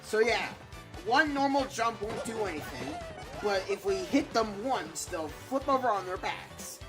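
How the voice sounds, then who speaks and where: A woman giving casual, wry commentary while playing a video game, with chatty joking asides. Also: medium pitch. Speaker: let's play gamer. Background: game music.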